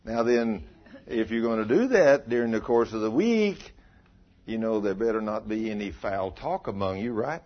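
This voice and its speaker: A man preaching a sermon, telling stories in a folksy, animated way and rising to loud emphatic peaks. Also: fairly low pitch, normal speed. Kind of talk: sermon with storytelling. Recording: dull lo-fi recording.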